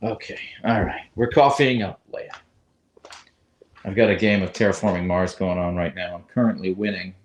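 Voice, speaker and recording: Steady in tone and normal in speed, this low male voice comes with slight background noise. He's a livestream host chatting casually from his phone and reading viewer comments, recorded with a clip-on mic.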